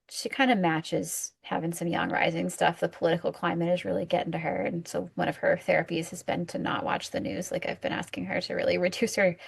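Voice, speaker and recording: A woman acupuncturist talks through her cases in a husky, gravelly, lowish voice. She tells stories in a lively way and pokes fun at herself, in relaxed shop talk. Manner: animated storyteller, self-mocking, quick asides. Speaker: acupuncturist, co-host. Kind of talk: casual clinical chat.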